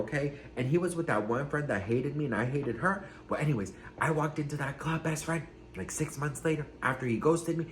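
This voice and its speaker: Sassy gossip-vlog host, male, slightly high voice, in a roomy echoing space. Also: slight background noise. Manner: sassy, dramatic, swears freely. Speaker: gossip vlogger. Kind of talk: casual celebrity gossip vlog. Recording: roomy room echo.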